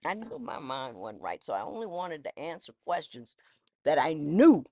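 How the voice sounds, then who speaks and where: A former judge shares personal reflections in a casual, candid monologue, rambling and restarting with folksy phrasing. Her voice is low, sing-song, and darkish at a moderate pace, captured in a dry, studio-quality recording.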